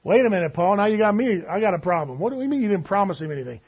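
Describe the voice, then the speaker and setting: Man preaching, high husky voice, acts out dialogue, dull lo-fi sound. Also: animated, rapid-fire. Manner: storytelling, acts out both sides of a conversation. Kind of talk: sermon.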